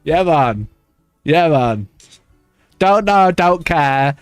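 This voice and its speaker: A man's voice: mid-range voice, expressive, slow pace, smooth, dry recording, clean studio sound, faint music behind. A man hosting a casual wargaming live stream, ranting, swearing and laughing often. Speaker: wargaming channel host.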